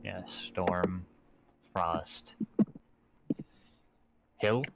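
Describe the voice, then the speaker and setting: A man's voice: low voice, fairly even intonation, creaky, music in the background. A man playing in a tabletop game, talking casually and restarting his sentences as he reasons things out. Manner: halting, with restarts. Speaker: player.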